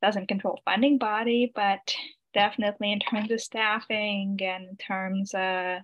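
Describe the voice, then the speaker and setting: Young woman on student council, plain and direct, steady monotone. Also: mid-range voice, unhurried, no echo, lo-fi sound. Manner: plain-spoken, building on others' points. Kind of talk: meeting remarks.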